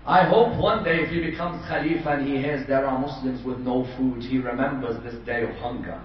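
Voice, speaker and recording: A man's voice: mid-range voice, fairly even intonation, a little fast, hardly any pauses, slight background noise. A man delivering a majlis sermon in a large community hall, telling a story dramatically and voicing its characters. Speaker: preacher. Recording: distant echoey hall, dull sound.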